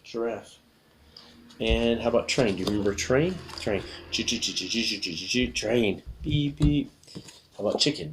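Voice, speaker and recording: A man's voice: fairly low pitch, a little hiss or hum. A man teaching English vocabulary to children, explaining a card game and drilling words with gestures in a patient, repetitive way. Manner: patient, repeats words slowly for young learners.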